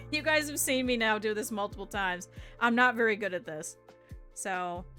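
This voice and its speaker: A woman's voice: mid-range voice, fairly bright tone. A woman streamer chatting casually with her viewers while she sews, with laughing asides. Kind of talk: casual livestream chat while sewing.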